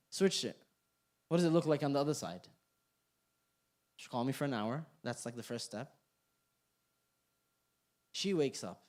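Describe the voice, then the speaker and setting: A young man leads an interactive class in a community center classroom, speaking in a mid-range, slightly mellow voice. He's casual and playful, cracking jokes and putting questions to the room.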